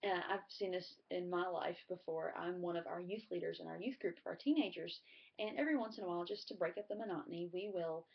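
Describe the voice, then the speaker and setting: A woman's voice: fairly low pitch, fast talker, vocal fry, husky. A young adult woman giving a conversational class presentation, with frequent filler words. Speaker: student presenter. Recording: muffled lo-fi recording.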